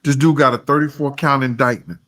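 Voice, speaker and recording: Co-hosting a casual reaction podcast, a man stresses his points, repeats them, and drifts into quiet mumbling. His intonation is fairly even, his pace a little fast, and his tone bright and forceful.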